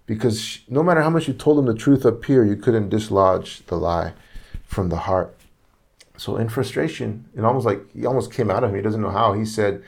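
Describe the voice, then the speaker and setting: A man with a low, gravelly voice preaches a sermon. He tells the story earnestly and voices each person's lines himself. He often repeats a word while he searches for the next one. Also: moderate pace, a little mellow. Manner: retells conversations, acting out each speaker's lines.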